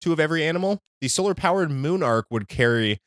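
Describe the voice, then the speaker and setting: A man co-hosting a podcast in casual chat, animated and laughing often. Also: fast, smooth, no room sound, studio quality. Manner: animated, laughs often, swings pitch widely. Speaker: podcast co-host.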